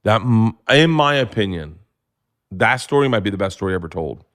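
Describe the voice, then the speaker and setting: A man in his forties, a comedian, telling stories in a casual interview, profane and animated, acting out what people said. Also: lowish voice, moderate pace. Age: 40s. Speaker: comedian guest. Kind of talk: casual storytelling chat.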